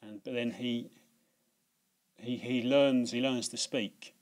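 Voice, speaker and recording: A British man who vlogs chats casually in a mid-range, somewhat dark voice with fairly level intonation and a slow pace. His delivery is loose and rambling, packed with false starts, restarts and fillers. He laughs at himself and swears offhandedly.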